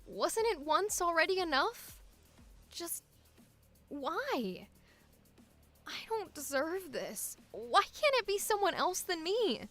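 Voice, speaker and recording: A woman voicing a young anime heroine who is given a second life, moving from gloomy to shrill and flustered. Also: very animated, slow pace, long pauses, a bit bright, soft background music, heavily acted. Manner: wistful, then shrill and flustered.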